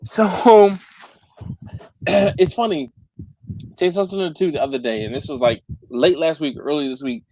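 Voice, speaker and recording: Rambling man, slightly high voice. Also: normal speed, long pauses, mellow, no room sound, low-quality recording. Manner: rambling, stumbles and repeats words; acts out quotes with big jumps in voice. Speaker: livestream host. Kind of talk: casual live chat.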